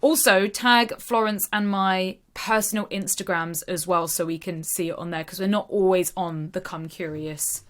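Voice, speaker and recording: Woman, podcast co-host, casual chat, excitable, laughs often. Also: lowish voice, moderate pace, few pauses.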